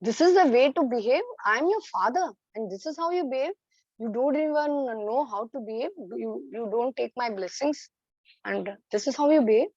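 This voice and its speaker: A woman's voice: on the high side, animated, normal speed, a little mellow, husky, no room sound, highs cut off. A woman voicing an angry father god who scolds his son in a told children's story. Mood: indignant. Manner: indignant scolding.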